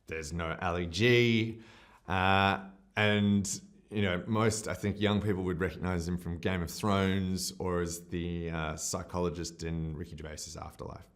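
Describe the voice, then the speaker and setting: A very deep-voiced Australian man speaks in a festival interview about his film. He gushes and rambles, often stopping to restart a thought. His tone is openly emotional and self-deprecating. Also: steady tone, a little slow. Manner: effusive, rambling, with frequent fillers and restarts. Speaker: film director.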